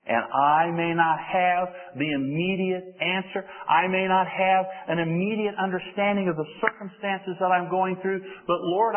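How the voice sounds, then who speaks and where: A man preaching a sermon in an earnest way, lifting his voice for emphasis. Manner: earnest, rises in pitch for emphasis. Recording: phone-like sound with long hall reverb.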